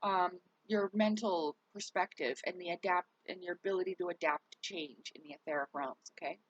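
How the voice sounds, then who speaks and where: A vlogger with a lowish voice talks briskly in a muffled recording with no room sound. Tired and recovering, she rambles candidly to her viewers in a casual way, swearing from time to time.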